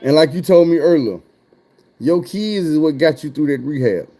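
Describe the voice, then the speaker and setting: A man's voice: on the high side, lively intonation, moderate pace, warm tone. A man telling a wild personal story in casual, profane chat, his voice jumping up when he gets worked up.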